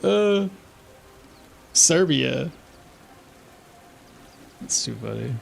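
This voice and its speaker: A man's voice: fairly high pitch, animated, drawn-out words, gravelly, a little hiss or hum. A man streaming a game and chatting casually, joking and laughing often between rambling asides. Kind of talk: casual live gameplay commentary.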